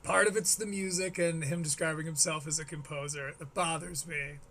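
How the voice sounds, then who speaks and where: A man's voice: fairly high pitch, fairly even intonation, moderate pace, a bit bright. A man from the United States commentating live on stream, sarcastic, swearing and critical. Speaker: streamer reacting to a comedy special.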